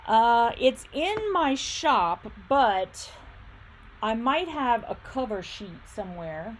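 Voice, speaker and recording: A woman who owns a quilt shop hosts a casual livestream, chatting and thinking aloud as she reads viewer comments. She laughs easily and hums filler sounds while fiddling with her screen. Her voice is fairly high and sing-song, she takes her time, and there's a little hiss or hum.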